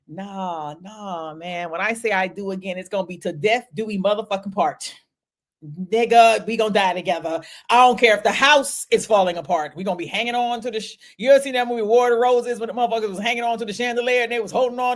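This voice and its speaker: A middle-aged woman, hosting a livestream in a casual comedic monologue with animated, swearing bursts and laughs. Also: medium pitch. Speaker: livestream host.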